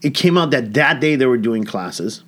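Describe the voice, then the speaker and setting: Casting: male comedian, mid-pitched, lively loose storyteller, lots of swearing and acted-out quotes. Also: moderate pace. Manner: animated, swearing, acts out quoted voices. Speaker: comedian and guest. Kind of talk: casual storytelling chat.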